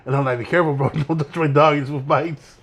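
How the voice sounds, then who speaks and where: A man's voice: fairly high pitch, fairly even intonation, fast talker. A young man co-hosting a podcast, telling rambling, laid-back stories and laughing as he goes. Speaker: podcast co-host. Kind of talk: casual storytelling chat.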